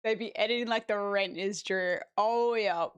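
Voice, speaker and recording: A woman's voice: mid-range voice, fairly even intonation, moderate pace, clear, resonant tone, dull audio. A young adult woman streaming, chatting casually in a slangy way and laughing easily. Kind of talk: casual chat.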